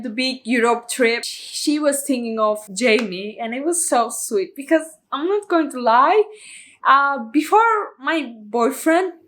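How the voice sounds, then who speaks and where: A woman's voice: sits high, fairly bright tone. A woman giving a casual, emotional movie review in a vlog, chatting freely and filling her talk with "you know" and "like".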